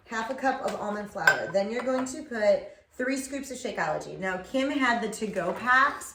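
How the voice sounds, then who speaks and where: A woman from Chicago reads a recipe aloud during a casual home cooking demo, chatty and quick to giggle. The home kitchen sounds echoey, picked up on a camera mic with clear background noise. Her pitch sits mid-range. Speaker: cooking show co-host reading the recipe.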